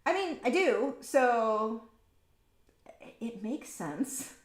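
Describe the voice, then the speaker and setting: A woman's voice: fairly high pitch, very animated, extremely slow. A woman in her forties hosting a painting livestream, chatting casually and reading viewer comments aloud with lots of ums. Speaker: art livestream host. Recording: echoey room.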